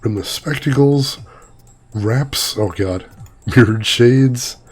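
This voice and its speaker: Slow and husky, this medium-pitched man hosts a gaming video with a slightly weak voice. His casual let's-play commentary mixes chatting and jokes with reading the game text aloud.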